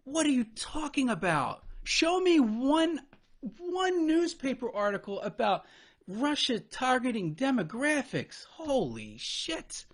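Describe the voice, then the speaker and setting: His voice very high-pitched and very animated, a man pauses a debate clip and rants over it, cursing and incredulous, thoroughly exasperated at what he's watching.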